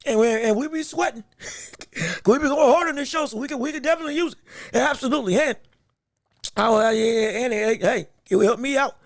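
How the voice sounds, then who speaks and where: A man hosting a solo podcast, talking in an excitable, rambling way, often repeating words, with a voice that is straining and going hoarse. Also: extremely high pitch, brisk, no echo, clean studio sound. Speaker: podcast host.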